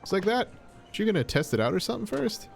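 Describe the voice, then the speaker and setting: A man's voice: high-pitched, big pitch swings, very fast, gravelly, faint music behind, voice pushed up, heavily acted. A man reading out a reserved, polite middle-aged ex-gangster from a video game with modest, understated replies. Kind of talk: reading game dialogue aloud.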